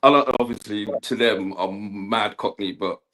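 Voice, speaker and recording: A man's voice: fairly low pitch, moderate pace, fairly bright tone. A man, an electrician chatting casually on a livestream, laughing often and asking "do you know what I mean". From Kent, England. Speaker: guest electrician.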